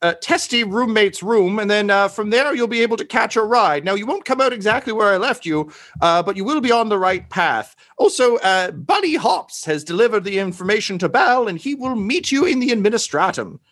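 A man's voice: sits high, expressive, fairly quick, few pauses, a bit bright, voice pushed up. A man voicing a weary male official in a robe who speaks with wry, crude asides.

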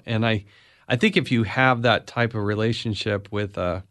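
A middle-aged man hosting an interview, talking in a soft-spoken, reflective way. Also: fairly low pitch, normal speed. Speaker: podcast host. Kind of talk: casual interview chat.

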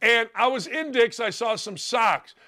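An older man hosting a sports radio show, ranting bluntly and mockingly, his voice gravelly from days of yelling. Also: very high voice, measured pace. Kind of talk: opinionated sports radio rant.

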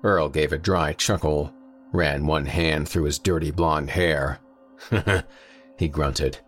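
A man narrating a dark horror audiobook in a steady storytelling manner. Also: extremely low pitch, slow pace, husky, soft background music.

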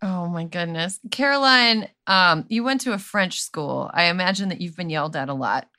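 A woman's voice: lowish voice, moderate pace, pushed and bright. A woman from Wisconsin hosting a podcast, talking easily and laughing, loose with fillers. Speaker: podcast host. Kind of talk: casual podcast chat.

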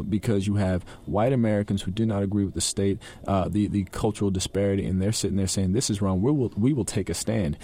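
Earnest, impassioned low-voiced man. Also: warm tone. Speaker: actor, interview guest. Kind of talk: conversational interview.

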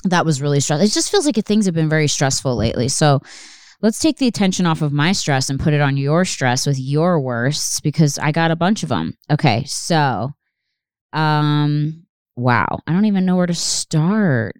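A woman with a low, smooth voice hosts her podcast in loose, rambling chat. She swears freely and fills her sentences with "like." The sound is dry and close, with no room around it. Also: animated, normal speed, a little mellow, dry recording. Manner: rambling, frequent swearing, many "like" fillers. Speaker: podcast host. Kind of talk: casual chat.

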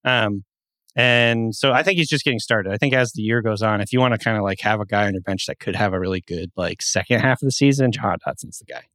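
A man with a voice on the low side, a bit bright, talks at a quick pace as co-host of a fantasy football podcast. His casual sports chat rambles, full of fillers and self-corrections along the way. There's no room sound.

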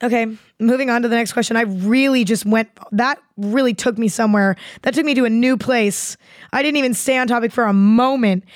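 A woman's voice: on the high side, brisk, dry recording, studio quality. A young adult woman hosting a podcast, chatting casually in a rambling, heavily profane way. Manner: rambling, swears freely. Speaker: podcast host. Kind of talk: casual chat.

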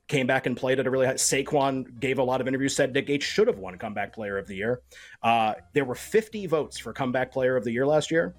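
A man arguing hard as a podcast co-host, the words tumbling out at a fast clip and often cut off mid-sentence. He stays in a middle pitch, and faint music plays underneath. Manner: argumentative, animated, self-interrupting. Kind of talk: casual sports betting chat.

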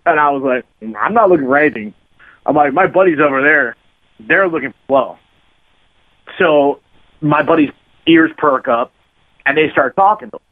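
A man's voice: on the high side, animated, normal speed, pauses often, no echo. A man telling a long, profane story as a podcast guest, rambling and full of "like" fillers. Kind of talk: casual anecdote storytelling. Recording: narrow phone-line sound, dry.

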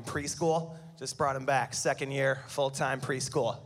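A stand-up comedian in his thirties performs a live set, sarcastic and teasing the audience, with clear crowd noise in the recording. His medium-pitched voice stays steady and unhurried.

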